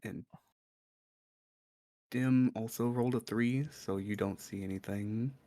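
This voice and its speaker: A man running a tabletop role-playing game as dungeon master, laid-back and halting, with many fillers. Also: lowish voice, fairly even intonation, warm tone, dry recording, clean studio sound.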